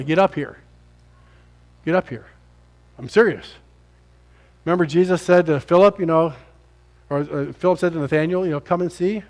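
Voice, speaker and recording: Animated high-voiced American pastor preaching. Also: male voice. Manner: animated, acts out characters, jokes with congregation. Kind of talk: lively sermon. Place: church sanctuary.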